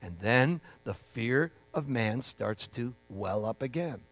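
A man's voice: medium pitch, expressive, slow pace, fairly bright tone. A man preaching a sermon as pastor, in a conversational way, acting out the voices of people he quotes.

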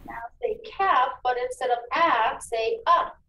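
Woman teacher, high voice, slow deliberate phonics drills, echoey room, distant mic. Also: lively intonation, pushed and bright, slight background noise. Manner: encouraging, slow and clearly enunciated. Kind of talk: phonics lesson demonstration. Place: meeting room.

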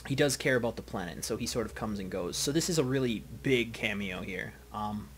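A man's voice: fairly low pitch, a little fast. Chatty man doing game commentary. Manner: chatty, swears, laughs. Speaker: let's play host. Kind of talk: casual gameplay commentary.

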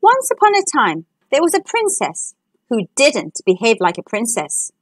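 A woman reading a children's picture book aloud in a warm, sing-song storytelling manner, hosting her own channel. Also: fairly high pitch, wildly swooping pitch, moderate pace, breathy edge.

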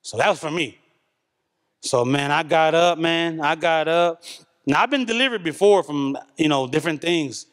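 With a fairly high pitch and a fairly bright tone, a man talks at normal speed to his congregation during a church service. He is giving an emotional testimony of a personal spiritual experience, earnest and conversational, repeating himself and often saying "man."

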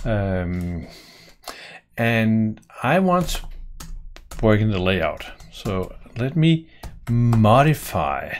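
Slow-talking man walking through code. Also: fairly low pitch, slight background noise. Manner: relaxed, thinking aloud with many fillers and restarts. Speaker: software developer teaching coding. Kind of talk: casual screen-share tutorial.

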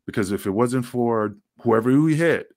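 A man's voice: medium pitch, moderate pace, no room sound, clean studio sound. Rambling, profane middle-aged man. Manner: rambling, profane, acts out quotes. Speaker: former wrestler, guest. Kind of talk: casual storytelling interview.

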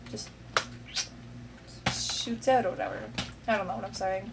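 A woman's voice: mid-range voice, moderate pace, pauses often, background noise. A young woman commentating her own gameplay, talking to herself, swearing and getting frustrated. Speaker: gaming let's play host. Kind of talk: let's play commentary.

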